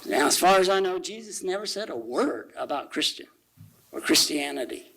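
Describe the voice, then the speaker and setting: A man giving a conversational sermon at a church service, reading quotations aloud slowly and asking the congregation rhetorical questions. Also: high voice, lively intonation, bright, forceful tone, rough recording.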